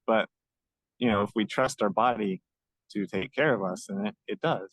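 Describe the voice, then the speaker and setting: A man with a fairly low voice talks earnestly, explaining each thought gently and at length. He sounds like a podcast co-host in easy conversation. The recording is dry and close. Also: normal speed, breathy edge, dry recording, poor audio. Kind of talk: reflective casual conversation.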